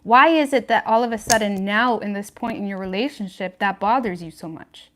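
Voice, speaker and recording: A woman's voice: mid-range voice, brisk, fairly bright tone. A woman giving a casual livestream tarot reading, chatty and frank, with lots of "like" and "you know what I mean," laughing between points. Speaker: tarot reader.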